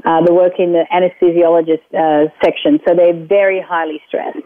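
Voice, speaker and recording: A woman's voice: lowish voice, level tone, brisk, no echo. A woman guest talking about her programs, rambling with many fillers and restarts. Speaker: guest, self-help program creator. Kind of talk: conversational interview over a phone line. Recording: tinny phone line, dry.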